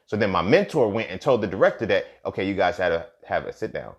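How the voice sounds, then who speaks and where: Low-voiced man, cussing storyteller. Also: a little fast, hardly any pauses, muffled recording. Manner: profane, animated, rising to near-shouting when worked up. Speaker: podcast host. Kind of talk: casual storytelling monologue.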